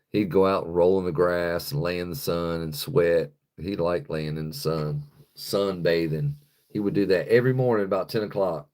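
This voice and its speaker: Deep-voiced man rambling on a live stream. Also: a little mellow. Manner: rambling, swears freely, loose storytelling. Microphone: phone on a stick.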